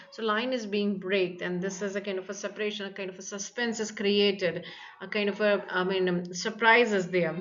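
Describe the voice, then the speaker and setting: A woman teaching a lecture on poetry, talking in a halting way with frequent fillers and restarts. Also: medium pitch, fairly bright tone, highs cut off.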